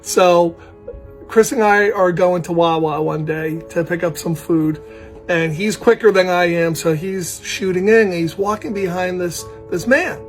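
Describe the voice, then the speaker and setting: A man, a proud father, casually telling a story about his son, animated and laughing often as he talks. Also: high voice, measured pace, faint music behind. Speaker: parent telling a family story.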